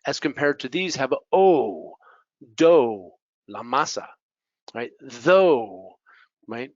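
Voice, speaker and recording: A man's voice: mid-range voice, animated, slow, dry recording. A male teacher giving a pronunciation lesson, repeating each word to model it, with Spanish asides. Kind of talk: classroom lesson. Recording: dull lo-fi dry recording.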